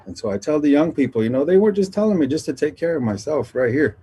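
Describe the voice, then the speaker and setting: A man, from the Nation, sharing traditional teachings in a gentle, unhurried storytelling talk that pauses and circles back. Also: a little high, big pitch swings, husky. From Navajo Nation.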